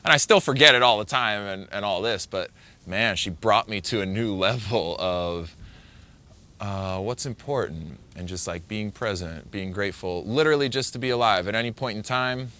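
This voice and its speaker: Surfer guy rambling through a story, bright punchy voice, says like a lot, keeps restarting. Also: lowish voice, normal speed. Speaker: big-wave surfer. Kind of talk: casual personal storytelling.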